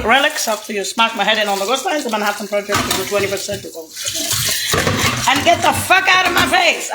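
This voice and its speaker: A woman's voice: on the high side, heavy background noise. A woman delivering an angry, profane, rambling rant straight to the listener. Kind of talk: unscripted rant to camera.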